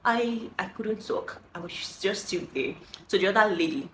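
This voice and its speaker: A woman telling a story in casual storytime style, animated and exasperated, laughing now and then. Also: mid-range voice, moderate pace. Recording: roomy echo with faint noise.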